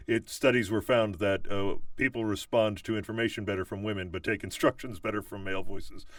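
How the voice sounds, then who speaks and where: A man's voice: fairly low pitch, steady tone, a little fast, dry recording, distant mic. A man hosting a casual podcast interview, speaking hesitantly with many fillers. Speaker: podcast host.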